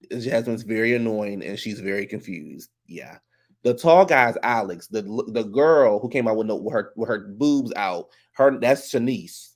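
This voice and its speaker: A sassy, gossipy man recaps a reality show in a loose, chatty way. His voice sits at a middle pitch and leaps high when he imitates the cast. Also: darkish tone. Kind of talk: casual recap commentary.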